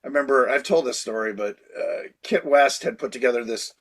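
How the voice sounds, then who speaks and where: A man in his sixties, a creature designer, telling lively anecdotes in a casual interview and slipping into impressions of people. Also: mid-range voice, a little fast.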